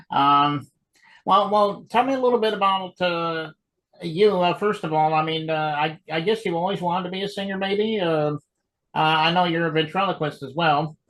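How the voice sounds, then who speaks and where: A man hosting an interview show, friendly and halting, with many pauses. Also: fairly high pitch, fairly bright tone, low-quality recording. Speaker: show host. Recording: faint background noise.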